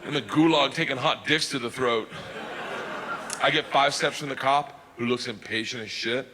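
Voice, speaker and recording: A man telling a long stand-up story, animated, breaking into loud bursts when he quotes himself, recorded on a comedy stage. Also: mid-range voice, moderate pace, big-room sound, noisy background.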